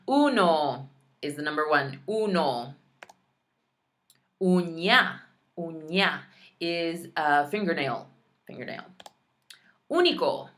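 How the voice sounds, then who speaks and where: A woman's voice: low voice, expressive, slow, long pauses, fairly bright tone. A woman teaching a Spanish lesson online, pronouncing practice words carefully and adding chatty, playful asides.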